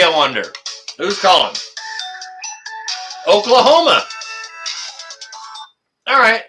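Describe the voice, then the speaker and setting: A man from Canada hosting a live stream and taking calls, chatting casually with excited outbursts and lots of filler words. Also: high-pitched, slow, long pauses, faint music behind. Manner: excitable, loud exclamations, many fillers. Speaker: livestream host.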